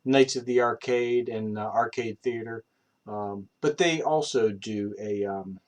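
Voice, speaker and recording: A man's voice: mid-range voice, measured pace. A young man on a live stream who rambles casually, with many fillers and restarts. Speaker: streamer practicing accents.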